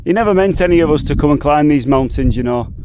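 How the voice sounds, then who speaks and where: Against a noisy background, a man in his 40s hikes in the mountains near a lake, talking reflectively and from the heart for an emotional vlog. His voice is on the high side, animated and fast.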